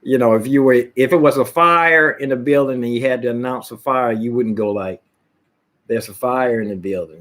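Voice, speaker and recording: A man's voice: mid-range voice, moderate pace, a bit bright. A man casually vlogging at home, rambling and jumping between topics with many restarts.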